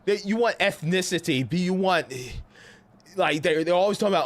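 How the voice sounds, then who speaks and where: Male streamer, New York accent; animated, slangy, slightly high. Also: fairly quick. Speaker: gaming streamer. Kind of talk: casual live-stream commentary.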